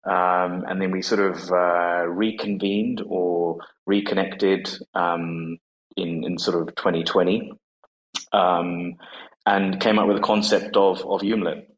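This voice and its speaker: A man with a very low, deep voice talks casually as a guest about his work. He is in his forties and hesitant, his sentences full of fillers, restarts and repeated words. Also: flat delivery, slow pace, poor audio. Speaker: guest, company co-founder. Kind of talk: casual conversation on a live audio space.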